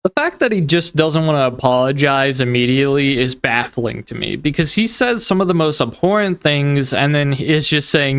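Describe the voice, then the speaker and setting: A man narrates his commentary with a smooth, clean voice. His tone is critical and incredulous. The sound is dry and close. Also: a little high, animated, moderate pace, few pauses, fairly bright tone, no room sound. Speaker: commentary video host. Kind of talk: online drama commentary.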